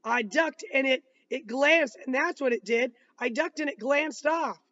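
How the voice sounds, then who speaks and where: A man's voice: very high-pitched, measured pace, bright, forceful tone, recorded from a distance, muffled recording, voice pushed up, full character voice. A man reading aloud, voicing an angry, defensive young woman on the witness stand with a raised, drawling voice.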